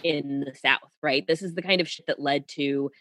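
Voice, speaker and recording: A woman talking as a podcast guest in casual chat, animated and emphatic, swearing freely. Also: low voice, normal speed.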